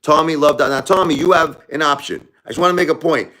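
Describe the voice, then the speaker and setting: A man hosting a casual livestream, talking emphatically and repeating himself, swinging between loud and quiet. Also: a little high, quick pace. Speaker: livestream host.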